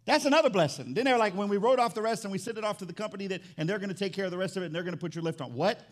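Pastor guy preaching in church, kinda high voice, jokey, gets loud then goes real quiet. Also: very fast. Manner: animated, jokey, shifts from loud excitement to quiet emphasis. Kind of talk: sermon. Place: church sanctuary.

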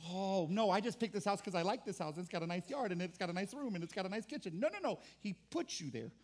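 A man's voice: sits high, lively intonation, quick pace. A pastor preaching a sermon in an impassioned, conversational way, often restarting his words.

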